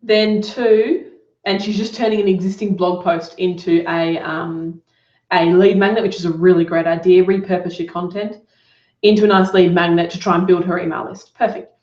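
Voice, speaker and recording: A woman's voice: on the low side, steady tone, normal speed, darkish tone. A woman running a live online Q&A as a business coach, giving upbeat, encouraging feedback on students' work. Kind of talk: live Q&A session. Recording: roomy, dull lo-fi sound.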